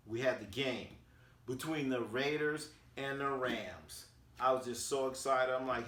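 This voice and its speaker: A man from Oakland in a casual storytelling recap, animated and acting out quotes with slang. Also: medium pitch, unhurried. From Oakland, California, USA. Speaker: sports vlogger. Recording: roomy sound, distant from the mic.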